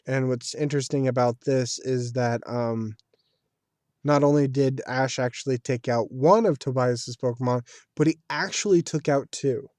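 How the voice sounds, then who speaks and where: A man's voice: mid-range voice, normal speed, darkish tone, dry recording, clean studio sound. A man giving casual solo commentary as a video creator, talking in a chatty, rambling way like a fan. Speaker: video creator reviewing an anime series.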